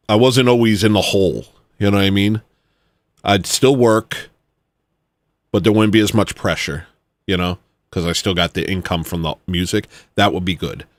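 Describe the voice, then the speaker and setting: A man, an independent musician, ranting heatedly, swinging from low grumbling to loud exclamations. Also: no room sound. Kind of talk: ranting monologue.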